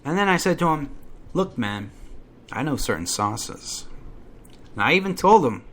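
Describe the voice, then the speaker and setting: A man telling a comic story about himself in a profane, animated rant, acting out his own outbursts. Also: a little high, unhurried. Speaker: podcast storyteller. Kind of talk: comedic first-person rant.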